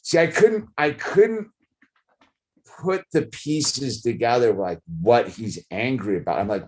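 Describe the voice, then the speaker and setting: A man's voice: mid-range voice, expressive, takes it slowly, darkish tone. A middle-aged man, rambling casually to camera, full of "dude" and "like". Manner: rambling, says "dude" and "like" a lot. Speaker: vlogger.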